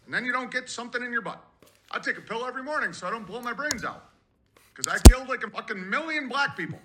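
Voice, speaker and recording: A man doing a crude parody impression of an older former president, in a calm, measured delivery with odd pauses. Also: extremely high pitch, heavy background noise. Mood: mocking. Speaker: caller.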